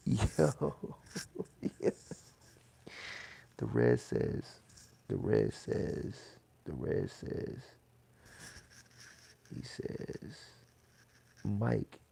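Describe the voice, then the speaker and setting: A man hosting a boxing livestream, reading chat comments aloud in a loose, swearing, casual way that turns loud when he gets riled. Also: lowish voice, big pitch swings, drawn-out words, vocal fry, long pauses, breathy edge. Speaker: boxing channel host reading live chat.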